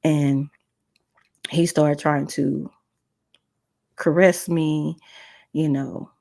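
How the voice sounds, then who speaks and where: A woman's voice: sits low, fairly even intonation, very slow, vocal fry, a little mellow. A woman hosting a podcast, telling a personal testimony with strong emotion and acting out the voices in her story. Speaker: podcast host.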